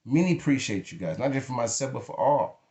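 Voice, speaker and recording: Man vlogger, mid pitch, frustrated rant to camera, heavy swearing, echoey room. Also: lively intonation, a little fast, warm tone, dull audio. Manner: blunt, emphatic, cursing freely. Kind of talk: emotional venting monologue.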